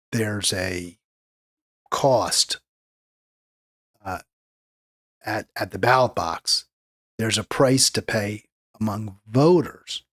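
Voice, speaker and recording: Casual, digressive political talk host. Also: male voice, on the low side. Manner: casual, digressive, rising emphatic bursts. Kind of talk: solo political commentary.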